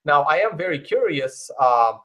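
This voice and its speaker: A man on a live panel show talking through his camera mic, in a measured, doubting way. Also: on the high side, very animated, bright, forceful tone. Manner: skeptical, measured, asks for proof. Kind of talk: casual crypto panel talk. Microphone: camera mic on a call.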